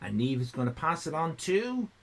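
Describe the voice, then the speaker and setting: A man's voice: fairly high pitch, big pitch swings, very noisy. A man hosting a live comedy stream, judging drawings in a playful, teasing way. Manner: playful, teasing, drawn-out delivery. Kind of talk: casual comedic livestream chat.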